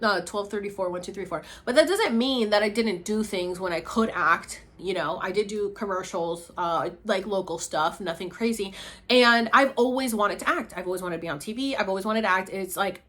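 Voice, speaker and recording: A Puerto Rican woman vlogs casually to the camera in a talking-head style. She's chatty and animated, sinking into low murmurs and then leaping into high, excited bursts.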